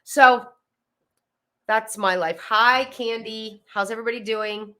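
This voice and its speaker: A woman's voice: fairly high pitch, fairly even intonation, slow pace, pushed and bright. A woman, chatting casually on a live stream, greeting viewers by name and wandering into tangents. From Pennsylvania, USA. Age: 50s. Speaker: host of a live decluttering stream. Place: home, indoors.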